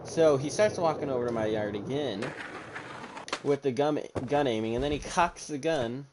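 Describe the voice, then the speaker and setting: A man's voice: mid-range voice, normal speed, background noise. Profane young man telling a story. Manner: casual, profane, animated retelling with quoted dialogue. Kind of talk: casual storytime vlog.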